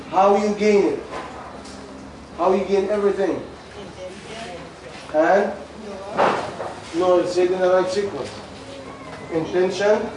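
Male teacher, high pitch, repeats questions in broken English, voice going; distant mic in a noisy, echoing room. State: losing his voice. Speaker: religious teacher. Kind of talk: question-and-answer class talk. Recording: very echoey room, far from the mic, ambient noise.

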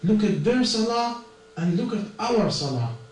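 High-voiced preacher in an echoey hall. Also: male voice, lively intonation, measured pace, darkish tone. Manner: earnest, non-native English with plain grammar slips. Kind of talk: sermon. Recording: echoey distant room recording with mains hum.

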